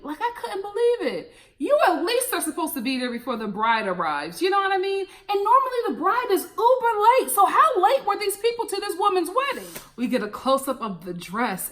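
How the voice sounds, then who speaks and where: High, lively, sassy woman reviewer. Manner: sassy, blunt, teasing. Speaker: reality TV reviewer. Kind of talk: casual commentary.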